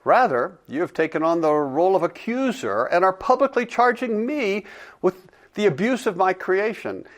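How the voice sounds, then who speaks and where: A man voices a calm, direct divine judge who questions slowly and gravely. His voice is fairly high and moves expressively in pitch. The delivery stays measured and solemn. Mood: probing. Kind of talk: dramatic reading of a dialogue.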